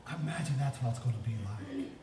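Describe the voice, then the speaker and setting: Fast-talking and animated, a pastor in his fifties delivers a sermon in a mid-range, creaky voice over crowd noise. His folksy personal stories build to emphatic peaks, and a distant mic picks him up in an echoey hall with faint noise.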